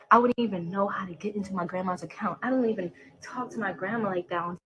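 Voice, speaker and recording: A woman's voice: mid-range voice, fast talker, hardly any pauses, poor audio. Boastful, profane woman ranting on a clip. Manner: boastful, profane, emotional, self-affirming. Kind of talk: social media live rant.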